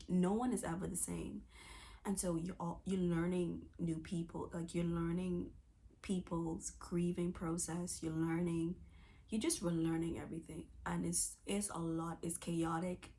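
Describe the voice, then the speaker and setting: A woman's voice: on the low side, warm tone. A woman in her twenties giving a candid, emotional personal testimony, searching for words with many fillers and restarts. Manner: earnest and emotional. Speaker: testimony speaker.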